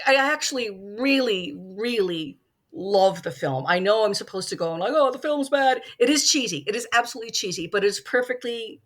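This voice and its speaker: A woman making her case as prosecutor in a mock film trial, talking animatedly in quick bursts with restarts. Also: mid-range voice, fairly bright tone. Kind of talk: casual podcast debate.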